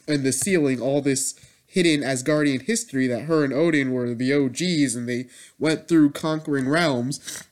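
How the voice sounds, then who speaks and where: In a slightly high voice, a man offers a loose, meandering take on a superhero film, alternating between bursts of loud excitement and softly muttered remarks.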